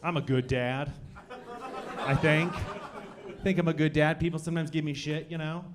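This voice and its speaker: Man doing deadpan stand-up, high voice. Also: moderate pace, a crowd in the background. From Colorado. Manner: deadpan delivery that bursts into loud shouted act-outs. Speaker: stand-up comedian. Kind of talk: stand-up comedy set. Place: comedy club stage. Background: audience laughter.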